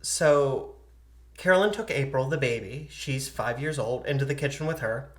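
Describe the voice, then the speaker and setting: A woman's voice: extremely low pitch, moderate pace, roomy sound. A woman co-hosting a podcast, retelling a story in casual chat and acting out the voices of the people in it. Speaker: podcast co-host. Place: indoor podcast setup.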